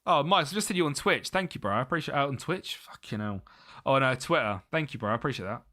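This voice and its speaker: A man's voice: medium pitch, animated, quick pace, pushed and bright. A young British man chatting casually on a live gaming stream, muttering to himself and laughing often.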